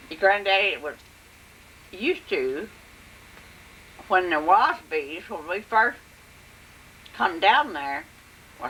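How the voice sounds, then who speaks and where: An older woman telling a family story in an oral history interview, in a plain, unhurried way with frequent pauses and "and, uh". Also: low-pitched, a bit bright, slight background noise, low-quality recording.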